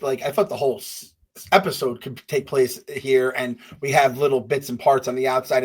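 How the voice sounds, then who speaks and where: A man co-hosting a podcast in casual chat, rambling and correcting himself as he talks. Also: mid-range voice. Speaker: podcast co-host.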